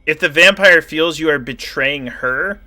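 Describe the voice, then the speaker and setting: A man narrating a tabletop game as game master, explaining rulings in a calm way. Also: fairly high pitch, unhurried, no echo. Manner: calm, explanatory, rules-focused.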